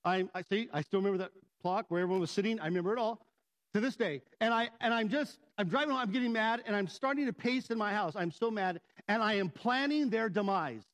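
A man's voice: high-pitched, quick pace, a bit bright. A middle-aged man preaching a sermon, telling a personal story and acting out the voices and inner dialogue of the people in it. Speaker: pastor.

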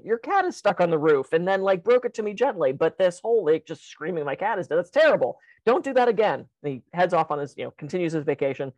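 A woman who runs communication workshops, chatting casually and telling jokes with animated voices. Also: on the low side, fast, few pauses, dry recording, low-quality recording. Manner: animated storyteller, jokey. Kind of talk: casual chat.

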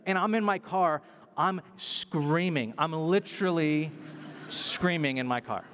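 Preacher, male, slightly high voice, conversational but emphatic sermon delivery, repeats key points, long reverb of a big hall. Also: measured pace, fairly bright tone.

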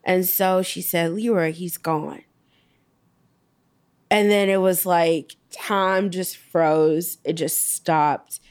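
Reflective woman, low smooth voice. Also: fairly even intonation. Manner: halting, reflective, many fillers. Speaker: guest. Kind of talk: personal storytelling interview.

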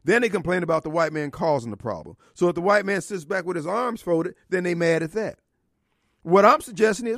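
Man, radio talk host, Mississippi accent, blunt and preachy, lively swooping voice, dry studio sound. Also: high voice, a little fast, no room sound. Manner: blunt, preachy, emphatic, laughs often. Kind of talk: opinionated call-in radio talk.

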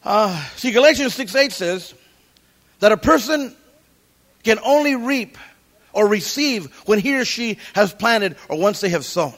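A middle-aged man preaching a sermon as pastor, animated, quoting scripture and cracking jokes. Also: sits high, unhurried.

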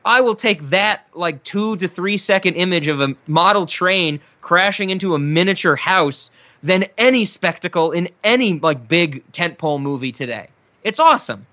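Bright-voiced, enthusiastic man. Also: sits high, expressive, moderate pace, highs cut off. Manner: enthusiastic, many "like" fillers. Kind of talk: casual chat.

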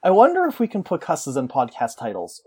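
A man's voice: on the high side, wildly swooping pitch, slight background noise. Jokey man co-hosting a podcast. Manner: jokey, laughs often, does rapid-fire patter. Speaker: podcast co-host. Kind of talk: casual comedic chat.

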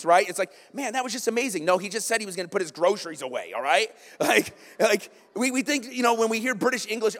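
An American man preaching a sermon as pastor, lively and conversational, checking in with the congregation with frequent asides. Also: high-pitched, fast, few pauses. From United States. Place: church sanctuary. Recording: long hall reverb in a sanctuary.

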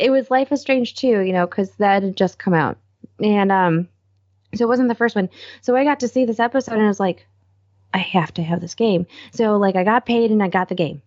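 A woman co-hosting and producing a podcast, chatting in a rambling, excitable way and acting out what people said. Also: medium pitch, muffled recording. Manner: rambling, excitable storyteller who acts out quotes. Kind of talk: casual chat.

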